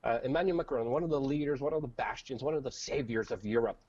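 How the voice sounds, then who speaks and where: A man's voice: mid-range voice, fast talker, darkish tone, breathy edge, dull audio. A man co-hosting casual political commentary, rambling with many fillers and jokes, on a webcam. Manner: rambling, filler-heavy, joking. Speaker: co-host.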